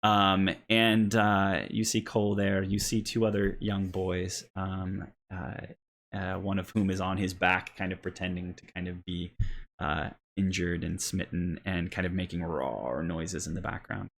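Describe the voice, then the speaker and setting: A man's voice: sits low, level tone, measured pace, creaky, fairly bright tone, a little hiss or hum. A man narrating a tabletop role-playing game as game master, rambling with many ums and restarts.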